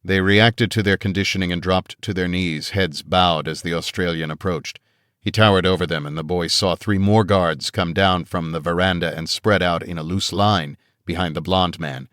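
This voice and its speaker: A very low male voice reads a fantasy audiobook in a measured, even delivery. The sound is intimate and dry, carrying no room ambience whatsoever.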